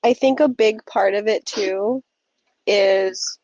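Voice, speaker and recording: A woman's voice: medium pitch, slow, a little mellow, dry recording, highs cut off. Earnest woman podcast co-host. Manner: earnest, supportive, emphatic. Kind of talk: casual podcast chat.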